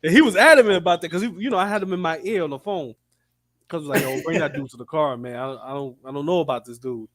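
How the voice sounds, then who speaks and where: A man in casual chat, telling an animated story and acting out what other people said. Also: a little high, fast talker, a crowd in the background. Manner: animated storytelling, acts out quotes. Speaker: guest storyteller.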